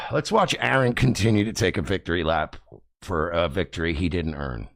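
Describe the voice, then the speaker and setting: A man hosting a livestream, talking loudly and combatively, swearing often as he rants. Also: low voice, normal speed, creaky. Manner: loud, profane and combative. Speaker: livestream host. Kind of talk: ranting livestream commentary. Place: home by the beach.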